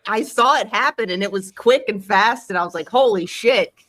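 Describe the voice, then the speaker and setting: A woman's voice: mid-range voice, moderate pace, fairly bright tone. A woman in casual chat, recounting a small incident with amused disbelief. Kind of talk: casual chat in a stream clip.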